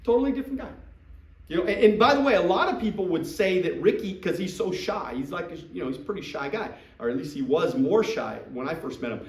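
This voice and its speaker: A man's voice: high-pitched, fast, echoey room, recorded from a distance, poor audio. A man coaching recruits in a live talk to a group, acting out sales dialogues. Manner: animated, acts out sales dialogues. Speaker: business trainer coaching recruits.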